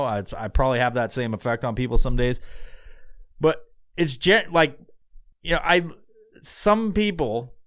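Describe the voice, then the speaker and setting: A man's voice: medium pitch, fairly bright tone. A man hosting a podcast, talking alone in a rambling, profane, casual way and laughing often. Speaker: podcast host. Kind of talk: casual monologue.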